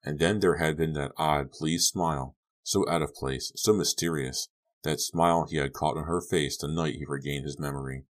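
Very deep-voiced male audiobook narrator. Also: steady tone. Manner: measured, suspenseful storytelling. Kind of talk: scripted horror audiobook narration.

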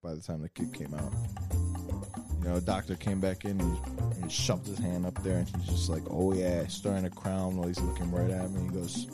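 A man with a fairly low voice spins a story in loose, slangy talk, breaking into laughs and acting out the people in it. Music plays clearly in the background. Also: little pitch movement, brisk. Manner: slangy, laughing, acts out quotes. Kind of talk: casual storytelling chat.

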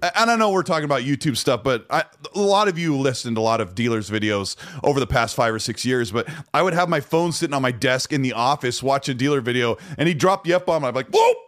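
Lively quick-talking man on a podcast. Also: mid-range voice. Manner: quick agreeing interjections. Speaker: podcast co-host. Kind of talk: casual podcast chat.

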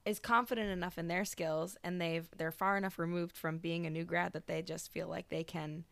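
A woman's voice: on the low side, steady tone, normal speed, gravelly, dry recording. A woman co-hosting a podcast, giving blunt opinions and thinking aloud in casual chat. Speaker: podcast co-host.

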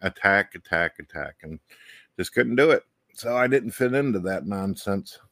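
A man's voice: on the low side, animated, normal speed, a bit bright, dry recording. A middle-aged man talking casually and bluntly, swearing freely as a show host. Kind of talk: casual conversation.

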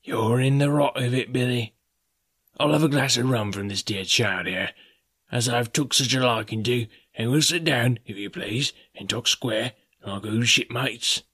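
A man reading an audiobook, voicing a sly, fawning middle-aged male pirate in a husky, wheedling way. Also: mid-range voice, a little slow, a bit bright, no room sound, clean studio sound. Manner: wheedling, half fawning, half sneering. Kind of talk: audiobook character voice.

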